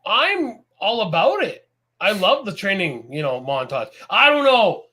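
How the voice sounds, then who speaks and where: A Canadian man co-hosting a podcast in casual chat, rambling and animated, laughing often. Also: high-pitched, unhurried. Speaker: podcast co-host.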